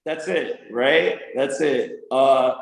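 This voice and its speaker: A man talking as a podcast guest, an animated storyteller who does voices and laughs often in casual interview chat. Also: medium pitch, slow, creaky, roomy sound, poor audio. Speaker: podcast guest, music producer and manager.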